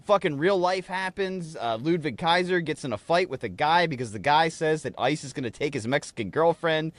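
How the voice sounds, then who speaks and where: A man co-hosting a podcast, telling an animated story in casual chat and swearing freely. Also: fairly high pitch, brisk, dry recording. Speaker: podcast co-host.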